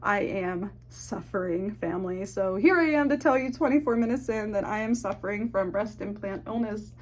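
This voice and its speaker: A woman's voice: medium pitch, a little hiss or hum. Emotional young woman confessing to camera. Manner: candid, halting, swears often, fillers and restarts. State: emotional, holding back tears. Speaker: ASMR channel host.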